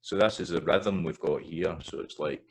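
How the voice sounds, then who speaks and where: A Scottish man with a very deep, low voice gives a lesson over slides. He teaches in an explanatory way and stops often to say example words and sound out rhythms. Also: moderate pace, husky, low-quality recording. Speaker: language teacher.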